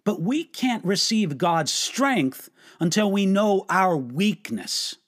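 A man delivers a short devotional sermon in a high, very lively voice. He speaks slowly and earnestly, stressing words and posing rhetorical questions. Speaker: pastor. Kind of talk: devotional teaching.

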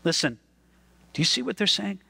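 A man's voice: high-pitched, expressive, moderate pace, vocal fry, pushed and bright, husky, dry recording. A man preaching a sermon as pastor, earnest and emphatic, repeating words as he stresses a point.

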